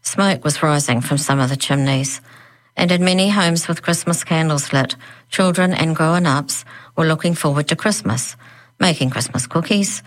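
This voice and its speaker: A woman reading a children's story aloud, gently voicing its characters. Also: low voice, moderate pace. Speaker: narrator. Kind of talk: audiobook narration.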